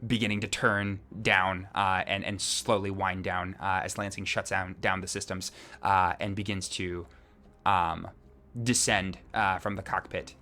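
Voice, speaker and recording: A man's voice: low voice, little pitch movement, unhurried, bright, forceful tone. A man narrating as game master of a tabletop game, rambling and descriptive with many restarts.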